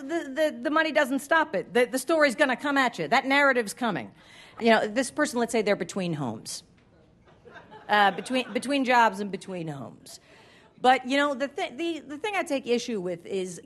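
Woman stand-up, a touch high-pitched, self-mocking, rambling, mock-formal. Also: a bit bright. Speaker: stand-up comedian. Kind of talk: stand-up set before a live audience. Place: live music venue stage.

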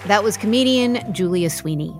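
A woman's voice: medium pitch, moderate pace, a crowd in the background. Woman host reading credits over music. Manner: even, polished announcer reading. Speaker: radio show host. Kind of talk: scripted closing credits. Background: theme music.

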